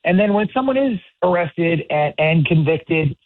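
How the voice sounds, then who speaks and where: A state senator, a man, speaks earnestly in a recorded interview clip, stumbling and restarting as he makes his point. His voice sits a little high for a man and comes through a thin, tinny phone-like line. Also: expressive, a little slow.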